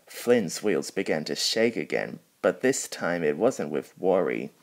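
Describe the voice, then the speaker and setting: Slow, careful male storybook reader. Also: deep voice, sing-song, gravelly. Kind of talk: storybook narration.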